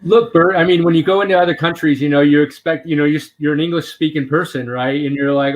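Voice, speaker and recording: A man's voice: medium pitch, steady tone, fairly quick, lo-fi sound. A man speaking as a livestream guest, hesitating often and restarting his sentences. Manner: hesitant, many fillers and restarts. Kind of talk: casual livestream chat.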